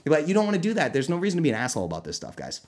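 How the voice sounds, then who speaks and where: A man hosting his own podcast as a nutrition coach, talking casually and animatedly, often jumping into high, excited mock voices. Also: racing. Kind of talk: casual solo podcast talk.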